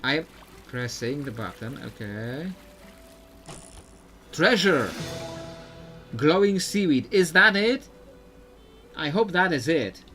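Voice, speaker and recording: A man's voice: fairly high pitch, animated, slow, pauses often, sharp tone, faint music behind. A man streaming live gameplay commentary, chatty and thinking aloud with frequent fillers. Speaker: streamer playing a video game.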